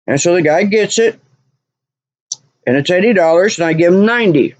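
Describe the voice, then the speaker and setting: A woman's voice: lowish voice, animated, normal speed, a little mellow, dry recording. A woman vlogger telling a personal story in an exasperated way, repeating lines for emphasis.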